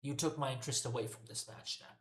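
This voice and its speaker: A woman's voice: very deep voice, fairly even intonation, fast. Profane, ranting woman in an echoey room. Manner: profane, exasperated, repetitive ranting. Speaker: wrestling show reviewer. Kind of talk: heated ranting commentary.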